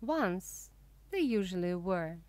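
A woman reading a humorous book aloud slowly and clearly for language learners. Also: on the low side, sing-song, a little mellow, dry recording. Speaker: audiobook reader.

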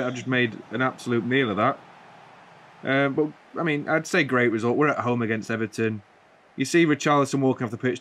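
A man talks through a football video game at a mid pitch, rambling and joking as he narrates the action. Now and then he puts on mock-commentator flourishes. A faint hum sits behind his voice. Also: a bit bright. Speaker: gaming channel host.

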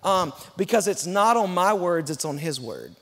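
A guest pastor from Texas preaching an emphatic sermon and calling on the congregation to answer back, rushing some phrases and stretching out others. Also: male voice, sits high, very animated, a bit bright. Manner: emphatic, call-and-response with the congregation; swings between fast and slow, drawn-out emphasis. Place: large church sanctuary. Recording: long church hall reverb.

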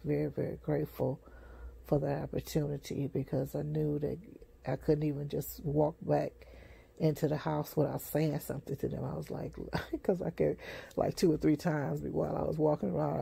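A street preacher giving a rambling personal testimony, halting and repeating, sleepy and yawning, with many fillers and restarts. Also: mid-range voice, little pitch movement, vocal fry, warm tone, husky.

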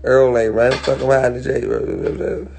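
A man's voice: mid-range voice, little pitch movement, moderate pace, gravelly, dark tone, slight background noise. A man from Washington DC in a heated, profane livestream rant into a phone, repeating himself.

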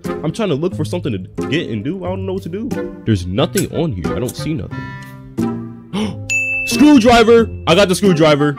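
A man playing a horror game and reacting out loud. He talks in a slangy, jumpy way and shouts and yelps whenever something startles him. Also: a little high, big pitch swings, fast, over music. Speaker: gaming video creator.

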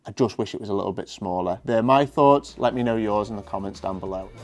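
A man's voice: lowish voice, quick pace, a little mellow, soft background music. A man from a watch dealer's vlog, reviewing a watch to camera in a casual, chatty way. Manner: banter, swears freely.

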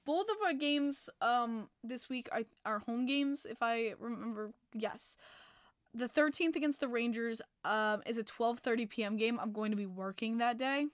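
A woman hosting a hockey podcast, chatting casually with viewers, excitable, swearing freely and laughing often. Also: a little high, normal speed, clean tone, dry recording, clean studio sound. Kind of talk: casual live-stream chat reading viewer comments. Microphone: plugged-in desk microphone.

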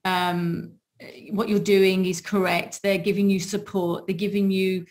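A woman's voice: medium pitch, flat delivery, measured pace, darkish tone. A woman hosting a spiritual podcast who reflects on her guest's story and affirms it. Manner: reflective, affirming, talks of energy and angels. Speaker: podcast host. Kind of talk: spiritual conversation.

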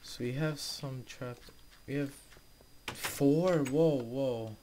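Young male gamer host, casual chatty play-by-play that turns exasperated, average pitch, faint hiss on the recording. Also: slow pace, darkish tone. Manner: chatty, easily frustrated, talks to viewers. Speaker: gaming video host. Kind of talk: casual let's play commentary.

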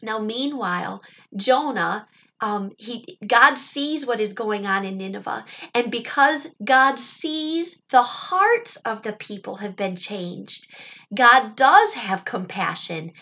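A woman telling a Bible story to children in an animated, expressive way, pausing to explain words and add asides. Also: mid-range voice.

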